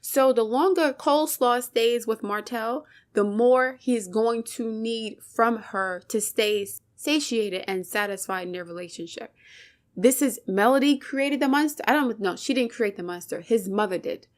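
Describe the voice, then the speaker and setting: A woman with a fairly high voice delivers fervent commentary straight to her viewers. She lectures with heavy emphasis, stacks up rhetorical questions and drops curse words along the way. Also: a little slow. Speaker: channel host, commentator. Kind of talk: impassioned commentary monologue.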